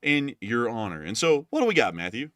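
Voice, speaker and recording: Bright-voiced laid-back male co-host. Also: medium pitch, big pitch swings, a little fast, no room sound, clean studio sound. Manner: laid-back, laughing, repeats stock thank-you phrases. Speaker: co-host of a live news stream. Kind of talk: casual live-stream chat.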